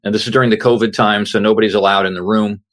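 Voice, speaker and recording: Rapid-fire and steady in tone, his lowish voice carries an earnest personal story. The middle-aged man is an author on an interview show as a guest, and he acts out the words of those in his tale.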